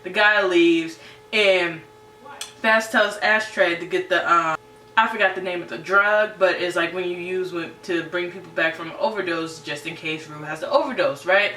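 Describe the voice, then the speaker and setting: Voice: mid-range voice, fairly even intonation, normal speed, sharp tone, soft background music. A TV series reviewer giving a casual, chatty episode recap, full of "right?" and "you know". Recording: roomy, distant mic, faint hum.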